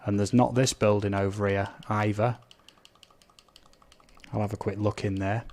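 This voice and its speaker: Male streamer, slightly low voice, casual running chat over gameplay. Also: flat delivery, normal speed, a little mellow. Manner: chatty, reads out viewer comments, blurts game sound effects. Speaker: gaming live streamer.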